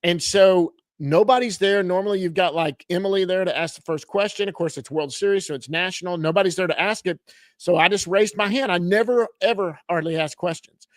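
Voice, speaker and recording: A man, a sports reporter appearing as a guest, telling stories in a casual, animated way with chuckles. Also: high voice, fairly quick, no room sound. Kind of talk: casual storytelling chat.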